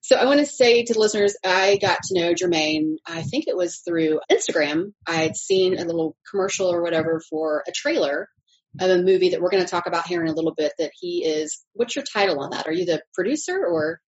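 A woman's voice: lowish voice, very animated, brisk, breathy edge, lo-fi sound. A woman hosting a podcast interview, talking in an upbeat, chatty way. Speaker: podcast host. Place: new recording setting with animals around.

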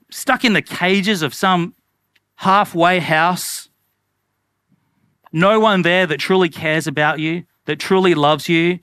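A man's voice: high-pitched, a bit bright, smooth, no echo. A man preaching an earnest, conversational sermon as a pastor, repeating phrases for emphasis.

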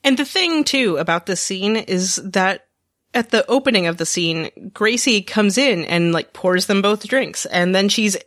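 A woman's voice: medium pitch, expressive, a bit bright, no echo, clean studio sound. Blunt woman recapping a TV episode. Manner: blunt, emphatic, quick asides. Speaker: podcast co-host. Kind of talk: casual TV recap chat.

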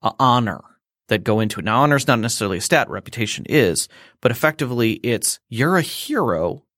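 A man's voice: medium pitch, very animated, a little fast, a bit bright, no echo. Guy explaining a tabletop rpg system, rambly, lots of uhs, dry mic. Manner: rambling, many fillers and restarts. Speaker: podcast co-host explaining a game system. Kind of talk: casual chat.

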